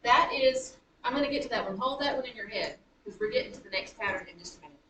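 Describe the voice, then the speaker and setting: A woman teaching a high school writing class, chatty and self-correcting as she taps out rhythms aloud. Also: big pitch swings, fast, fairly bright tone. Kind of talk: classroom lecture. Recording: roomy classroom from a distance, faint noise.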